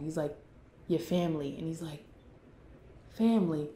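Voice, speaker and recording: A young woman casually recapping a movie in a chatty, giggly way, slipping into quick impressions of the characters. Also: low-pitched, warm tone. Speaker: film vlogger. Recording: echoey room.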